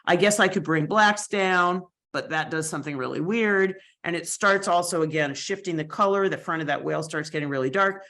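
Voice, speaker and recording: A woman's voice: lowish voice, a little fast, hardly any pauses, fairly bright tone. A woman instructor walking through a photo editing tutorial in a chatty, explanatory way, with fillers and asides. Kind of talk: screen-share software tutorial.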